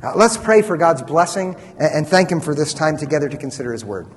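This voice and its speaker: A man's voice: on the high side, expressive, fast talker, few pauses. Young male pastor, emphatic and repetitive sermon delivery, reverberant sanctuary. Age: young adult. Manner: earnest, emphatic preaching with repetitions. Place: church sanctuary. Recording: church hall reverb.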